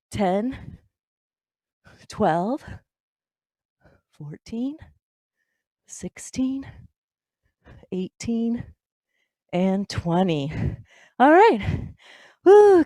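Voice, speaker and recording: A woman's voice: on the high side, a little mellow, no echo. A woman leading a bodyweight workout as fitness instructor, counting reps aloud and encouraging the viewer.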